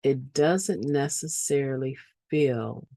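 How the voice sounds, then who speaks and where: A woman's voice: rumbling low, slow, gravelly, mellow, no room sound. A woman giving an earnest personal testimony at a recovery meeting, repeating phrases for emphasis.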